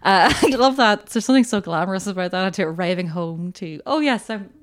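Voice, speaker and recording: A woman co-hosts a podcast, chatting about a film with real enthusiasm, laughing often and using lots of fillers. Her voice is lowish and animated, and she speaks a little fast.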